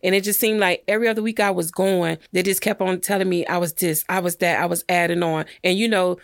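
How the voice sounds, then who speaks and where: A woman's voice: on the low side, steady tone, fast, creaky, no echo, clean studio sound. A woman who is an acting coach, talking in a direct, pushing way as she coaches and chats. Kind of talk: coaching and casual interview chat.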